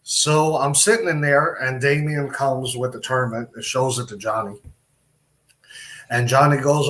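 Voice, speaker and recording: A man's voice: mid-range voice, fairly even intonation, moderate pace, fairly bright tone, a little hiss or hum. A middle-aged man, a wrestler, telling rambling stories with quoted dialogue in a casual interview. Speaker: podcast guest, wrestler.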